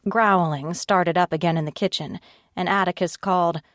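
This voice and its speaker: A woman narrating an audiobook in first person, reading at a slow, steady pace and raising her pitch for the other characters' lines. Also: no room sound, clean studio sound, lightly acted. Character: tearful frightened young woman narrator, Ivy.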